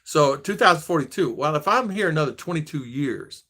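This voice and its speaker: A man's voice: on the high side, animated, brisk, sharp tone. Rambling American man in his sixties. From United States. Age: 60s. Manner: rambling, restarts and trails off. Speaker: vlogger. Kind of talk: casual storytelling chat.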